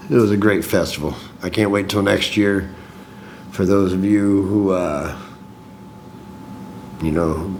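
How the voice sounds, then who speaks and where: Host, male, from Illinois, lowish voice, loose profane monologue, slight room hum. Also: creaky. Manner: rambling, profane, self-deprecating. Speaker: podcast host. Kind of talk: casual monologue recap.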